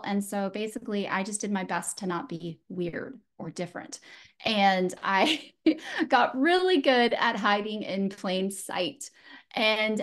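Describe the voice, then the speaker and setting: A woman speaks as a guest, telling a personal story in an earnest, reflective way. Her pitch sits in an ordinary middle range for a woman, and she often pauses, restarts and adds small fillers as she goes. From San Francisco, USA. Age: adult.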